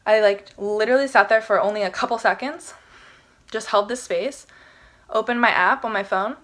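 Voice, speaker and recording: A young woman vlogging, telling a personal story in a casual, animated way, often saying "like," laughing, and sometimes dropping to a hushed whisper. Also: medium pitch, normal speed. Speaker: spiritual vlogger.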